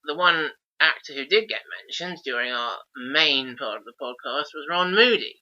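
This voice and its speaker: A man hosts a laid-back podcast with a very bright, sharp tone. He talks eagerly and reels off lists. The sound is dull and lo-fi. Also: a little high, expressive, normal speed. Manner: chatty, enthusiastic, lists things off. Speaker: podcast host. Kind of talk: casual podcast chat.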